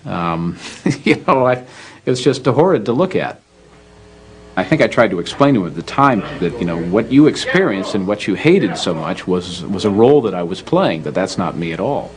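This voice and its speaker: A man's voice: sits low, very animated, moderate pace. A man interviewed as a former guard, speaking candidly and ruefully.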